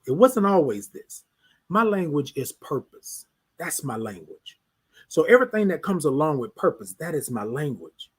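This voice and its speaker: A man with a high, husky voice hosts a live stream from his home. His pitch swings widely as he preaches, circling back to the same rhetorical questions again and again. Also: fairly bright tone. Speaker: host of a live talk stream. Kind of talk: motivational live-stream talk.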